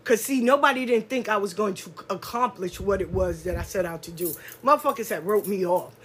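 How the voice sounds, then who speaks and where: Candid and emphatic, a middle-aged podcast speaker recounts her own life in a testimony monologue, heavy on slang and cursing, stretching out stressed words. Her medium-pitched voice is expressive and a bit bright, over a slight hiss or hum.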